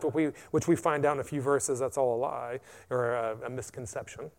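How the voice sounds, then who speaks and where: A man with an American accent preaching a sermon, repeating "amen" and swinging between loud and hushed delivery. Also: medium pitch, steady tone, fairly quick. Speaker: pastor.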